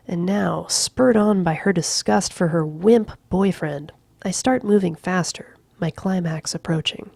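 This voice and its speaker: A woman reads a novel aloud in a slow, hushed manner, slipping into whispers now and then. Her voice is low and gravelly. The sound is dry and close, with no room echo. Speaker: reader. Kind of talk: audiobook-style novel reading.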